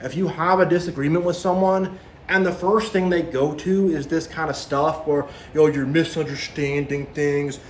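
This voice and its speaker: A man's voice: a little high, steady tone, normal speed, roomy sound, slight background noise. A man giving a preachy, repetitive monologue as a spiritual vlogger, warning listeners and mocking others in quoted voices. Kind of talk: impassioned monologue to camera.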